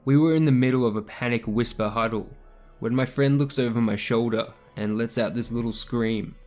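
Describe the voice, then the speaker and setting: A man narrating a true scary story in the first person, in a steady, scripted storytelling manner. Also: medium pitch, normal speed, soft background music.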